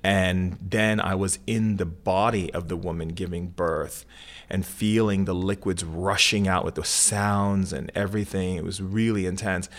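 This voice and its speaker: Middle-aged man, low and even voice, earnest storyteller, lots of ums and restarts. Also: measured pace. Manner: earnest, vivid retelling with many fillers and restarts. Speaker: shaman and author, guest. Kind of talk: personal storytelling in an interview.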